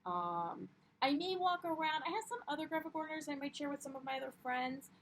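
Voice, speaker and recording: A woman's voice: high-pitched, animated, fast talker, a little hiss or hum, poor audio. A young woman teaching a primary class, upbeat and encouraging, with frequent ums as she explains the lesson. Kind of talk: classroom read-aloud lesson.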